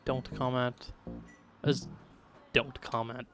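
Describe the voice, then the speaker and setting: A man's voice: medium pitch, level tone, takes it slowly, music in the background. A man streaming live, making muttered commentary while playing a dating game. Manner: muttered asides while choosing.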